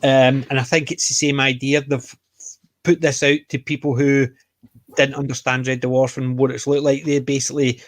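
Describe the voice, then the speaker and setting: A man with a Scottish accent, co-hosting a casual podcast chat and retelling scenes with lively energy. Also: mid-range voice, moderate pace, no echo. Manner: chatty, animated retellings of scenes. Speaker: podcast co-host.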